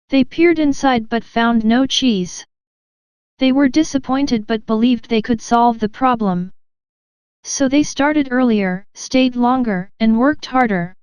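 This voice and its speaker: A woman narrates an audiobook in a steady, even reading. Her voice sits fairly high and is very clear and smooth. The recording is close and dry, with no room sound. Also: no echo, dull audio. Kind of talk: scripted narration.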